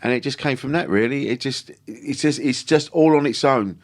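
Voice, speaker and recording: A man's voice: mid-range voice, normal speed. A man, a comedian guesting on a podcast, telling stories in a rambling, swearing, self-interrupting way. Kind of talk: casual chat.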